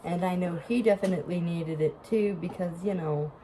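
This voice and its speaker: A woman's voice: on the low side, normal speed, dark tone, slight background noise, poor audio. A woman vlogger with a stuffed-up nose, chatting casually to her camera, apologetic and laughing often. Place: vacation lodging.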